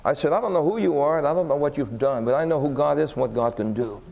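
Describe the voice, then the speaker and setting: Here the preacher's voice sits on the high side and moves fast, with vocal fry, a big-room sound, and a little hiss or hum. He tells sermon stories animatedly, pitching up sharply when he acts out characters' exclamations.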